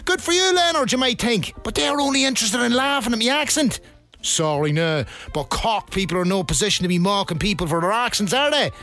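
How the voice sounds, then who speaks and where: A man's voice: high-pitched, expressive, brisk, pushed and bright, soft background music, heavily acted. An actor doing a boastful man. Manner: boastful, aggrieved. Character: cocky Dundalk man working in Cork. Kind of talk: comedy radio sketch.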